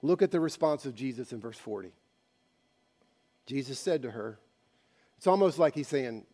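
A man preaching a sermon, telling a story dramatically and moving between hushed passages and loud ones. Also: medium pitch, lively intonation, normal speed, pauses often. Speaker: pastor.

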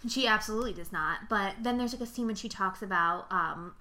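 A woman's voice: medium pitch, brisk, sharp tone. A young woman co-hosting a podcast, casually and animatedly retelling film scenes with lots of fillers. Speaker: podcast co-host.

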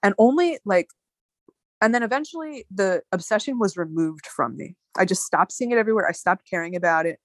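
A woman in her thirties telling a story in casual conversation, animated, with many fillers and swearing. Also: medium pitch, brisk, no echo. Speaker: guest.

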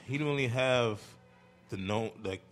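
A man's voice: mid-range voice, normal speed, faint music behind. A man on a radio show talking casually as the guest, laid-back and slangy, rambling a little. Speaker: guest producer. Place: radio studio.

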